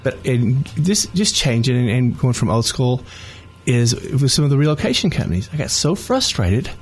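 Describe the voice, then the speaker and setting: A man with a husky, slightly rough voice chats casually. He stresses his points by repeating words in quick bursts. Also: medium pitch, very animated. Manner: emphatic, repeats words for punch. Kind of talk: casual conversation.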